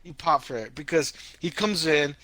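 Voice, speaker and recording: Guy cohosting a podcast, hyped storyteller, brightish voice, dry close mic. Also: on the high side, moderate pace, no room sound. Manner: animated, storytelling with sound effects and wrestling slang. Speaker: podcast co-host. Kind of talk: casual chat.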